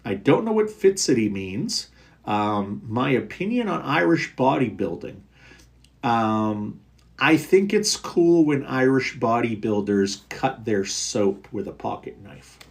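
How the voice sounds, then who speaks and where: Gravelly, lively-voiced male coach on a livestream. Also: mid-range voice, slow. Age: middle-aged. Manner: casual, frank, rambling with fillers. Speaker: recovery coach. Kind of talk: live stream Q&A, reading comments.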